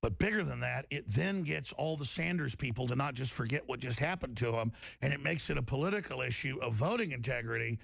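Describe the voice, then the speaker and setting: A man hosts a radio show in an emphatic, rambling monologue, stumbling over repeated words as he pushes his point. His voice is heavily gravelly, with a mid-range pitch. It is recorded close and dry in a studio. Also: a little fast, hardly any pauses, fairly bright tone, dry recording. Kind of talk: impassioned talk-radio monologue.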